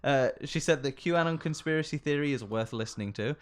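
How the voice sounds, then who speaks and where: This podcast co-host is a fast-talking man with a smooth, fairly high voice. Chatting casually and comedically, he laughs a lot and delivers tweets and posts in a mock-emphatic tone.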